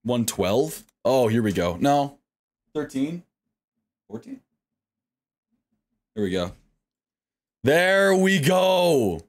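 A man's voice: medium pitch, slow, pauses often. A man streaming live, commenting as he plays, talking to himself, swearing often, and coaxing himself through each attempt. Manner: animated self-talk, frequent swearing.

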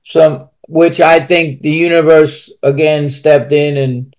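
A man's voice: a little high, fairly even intonation, takes it slowly, darkish tone. A man with a slightly raised voice recounts his own life as a podcast guest. He speaks bluntly and profanely, rambling through his story and restarting sentences as he goes. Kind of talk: candid personal storytelling.

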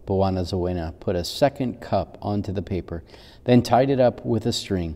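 Mellow-voiced pastor telling a story. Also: male voice, low-pitched, big-room sound. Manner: gentle, unhurried storytelling. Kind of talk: children's sermon storytelling.

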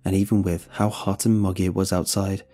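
A man narrating a horror story in a measured, dramatic way. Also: deep voice, little pitch movement, mellow.

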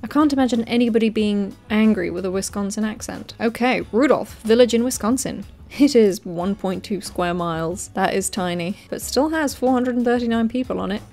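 A woman hosting a comedic commentary video. She reads facts aloud and keeps breaking off into sarcastic, excited reactions. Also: mid-range voice, normal speed, soft background music. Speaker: video host.

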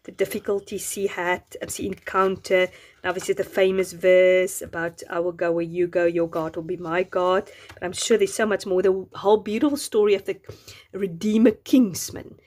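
A woman's voice: on the low side, little pitch movement, a little fast, darkish tone. A woman casually showing and using Bible journaling craft supplies, gushing over each item. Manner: gushing, admiring every item.

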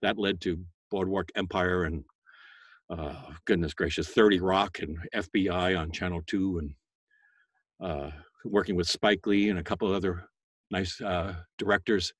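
A voice actor talking casually to a school class, chatty and self-deprecating, with many fillers and bursts of a loud sales voice. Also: male voice, deep voice, fairly even intonation, moderate pace, dry recording. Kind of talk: casual interview talk.

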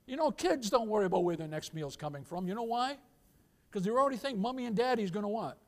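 Guy preaching at church, really high voice, keeps asking why and calling folks beloved. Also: lively intonation, quick pace. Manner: emphatic preaching with repeated rhetorical questions and calls for amen; addresses the congregation as beloved. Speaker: pastor. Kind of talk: sermon. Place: church service.

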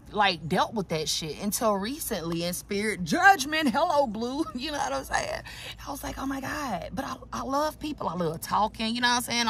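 A woman's voice: fairly high pitch, a bit bright. A woman giving a casual tarot reading outdoors, talking to her viewers in a chatty, profane way with lots of asides. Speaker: tarot reader. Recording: outdoor recording with clear traffic ambience. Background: vehicles passing.

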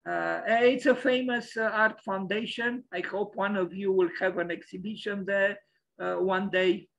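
A man's voice: high voice, steady tone, a little slow, creaky, a bit bright, lo-fi sound. A man giving an opinionated lecture over slides, hesitant and full of fillers.

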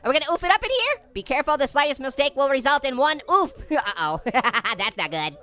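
A man voicing an excitable, earless cartoon character who hosts silly gameplay commentary and giggles constantly. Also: extremely high pitch, a little fast, exaggerated voice. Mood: giddy. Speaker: gaming host.

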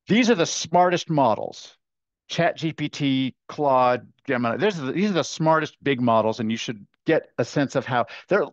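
A man giving an animated, chatty webinar lecture, full of fillers and restarts, as a workshop presenter. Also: mid-range voice, dry recording. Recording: dull lo-fi webinar audio.

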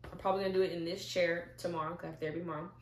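A young woman vlogging from a chair at home, telling a story with lots of animated acted-out dialogue. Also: lowish voice, racing, echoey room, slight background noise. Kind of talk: casual talk to camera.

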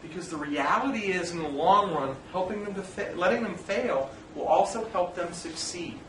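Addressing fellow fathers in an informal talk, a man with a special-needs child tells personal stories in a plain, earnest way. He has a high voice with a sharp tone and speaks at normal speed. He's far from the mic, so there's roomy echo, faint ambience, and a little hiss or hum.

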